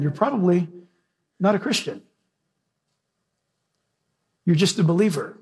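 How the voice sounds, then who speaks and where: A male preacher with a high, husky voice delivers a sermon with emphatic force. He keeps putting questions to the congregation and leans hard on key words. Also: a little mellow.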